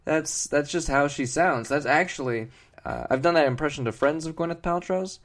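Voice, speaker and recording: A man co-hosting a comedy podcast, rambling on in a mock-earnest, deadpan way with many fillers. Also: fairly high pitch, moderate pace. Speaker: podcast co-host.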